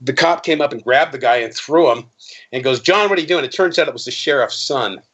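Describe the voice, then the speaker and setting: Husky, brisk, and medium-pitched, this man in his fifties rambles through stories as a guest on a casual interview, restarting frequently and animatedly impersonating the people in them. It's captured in a dull, lo-fi interview recording.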